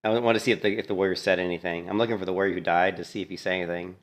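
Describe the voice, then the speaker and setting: A man casually commentating on a gameplay clip, animated and mocking, laughing often. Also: low-pitched, very fast. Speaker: gaming streamer.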